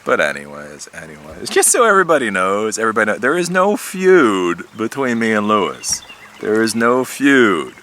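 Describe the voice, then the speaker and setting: A man's voice: fairly low pitch, very animated, moderate pace, a bit bright. A man hosting his own channel, rambling casually and animatedly outdoors, swearing and laughing now and then. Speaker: tech YouTuber. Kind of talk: casual monologue vlog.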